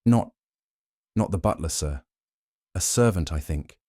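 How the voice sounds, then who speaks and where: A man's voice: deep voice, normal speed, dark tone, dry recording, studio quality. A man doing a nervous stammering coachman. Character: nervous stammering male coachman, lower-class.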